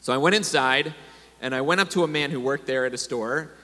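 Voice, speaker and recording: A man's voice: medium pitch, fairly quick, pushed and bright, faint music behind. Male preacher, sermon delivery with call-and-response, reverberant sanctuary sound. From America. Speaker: pastor. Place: congregation hall. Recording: long hall reverb.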